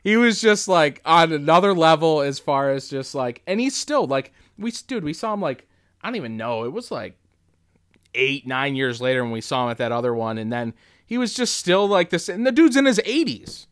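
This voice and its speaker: A man's voice: on the high side, very animated, moderate pace, fairly bright tone, smooth. A man hosting a podcast, telling a story in a casual, rambling way full of restarts. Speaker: podcast host.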